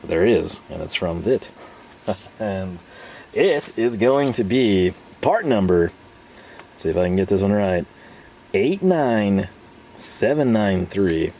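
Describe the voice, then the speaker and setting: A man's voice: fairly low pitch, lively intonation, slow, pauses often, dark tone, a little hiss or hum. A man chatting his way through a casual tool review, rambling and often laughing.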